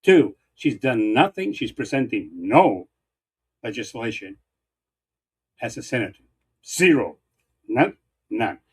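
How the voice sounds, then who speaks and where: A man's voice: medium pitch, very animated, a little slow, long pauses, slightly rough. Emphatic man arguing politics. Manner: emphatic, repetitive, lists points one by one. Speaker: political show co-host. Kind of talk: heated political debate.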